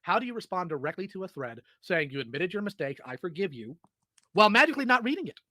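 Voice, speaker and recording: A man's voice: high voice, very animated, fast talker, background noise. A man lecturing someone in a heated, insistent rant, repeating himself and demanding answers. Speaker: streamer in an online argument.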